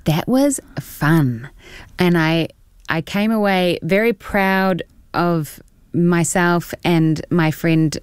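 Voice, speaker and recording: Nz woman, 40s, chatty guest, does little voices in her stories, lowish voice, dry sound. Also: slow pace, clean tone, no room sound. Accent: New Zealand. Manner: animated storyteller, acts out quotes, laughs often. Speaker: actor guest. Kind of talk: casual interview chat.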